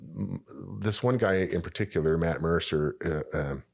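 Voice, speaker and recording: Man, very deep voice, podcast guest, voice actor, animated, restarts a lot. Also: moderate pace, creaky. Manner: animated storyteller, many restarts. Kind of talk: casual podcast chat.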